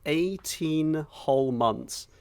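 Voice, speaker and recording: A man's voice: a little high, very slow, darkish tone, clean tone. A man co-hosting a podcast in casual chat, enthusiastic and sweary, acting out film moments with sound effects. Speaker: podcast co-host.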